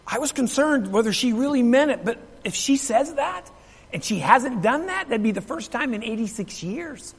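A man's voice: extremely high pitch, animated, normal speed, slightly rough. A middle-aged male pastor telling a story in a sermon, emphatic and repeating his phrases while asking the congregation questions. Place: church sanctuary. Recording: long reverb of a large hall.

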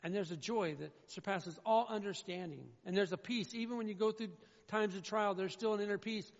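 A high-pitched man with a gravelly edge delivers an earnest sermon, driving points home by repeating them. His voice carries through a church hall with a long echo. The sound is muffled and dull. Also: a little fast. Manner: earnest, repetitive, emphatic preaching. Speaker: pastor. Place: church sanctuary.

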